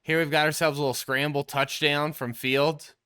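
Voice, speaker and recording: Bright, crisp-voiced man coaching through game film. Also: on the high side, little pitch movement, normal speed. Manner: coach-like, explains step by step, addresses viewers as team. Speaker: quarterback trainer and show host. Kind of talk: casual football film breakdown commentary.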